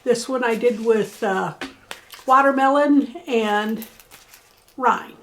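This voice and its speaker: A woman's voice: fairly high pitch, slow pace, noisy background. A woman presenting a casual sewing tutorial for her craft shop, talking in a chatty, folksy and encouraging way.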